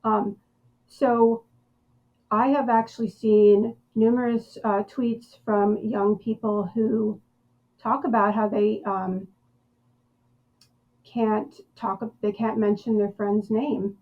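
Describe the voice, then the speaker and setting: A woman hosting a podcast interview, speaking thoughtfully with frequent pauses and fillers. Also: medium pitch, level tone, lo-fi sound. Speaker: podcast host.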